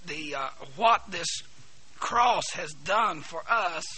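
A hoarse man preaching a sermon, halting and repeating words, then bursting into shouts. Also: high-pitched, expressive. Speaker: pastor. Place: church.

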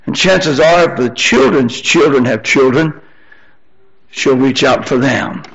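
An older man preaching a sermon, repeating his phrases as he presses his congregation, then dropping into quieter storytelling. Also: unhurried, highs cut off. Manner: rising to high-pitched emphatic exhortation, then softer storytelling.

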